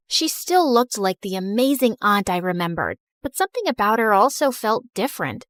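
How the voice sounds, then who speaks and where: A woman narrating an animated drama in the first person, telling it with emotional, expressive storytelling. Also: medium pitch, normal speed, hardly any pauses, no room sound, clean studio sound.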